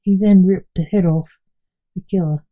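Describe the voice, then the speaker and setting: A woman reading a story aloud in a steady, even storybook narration. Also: on the low side, normal speed, muffled recording.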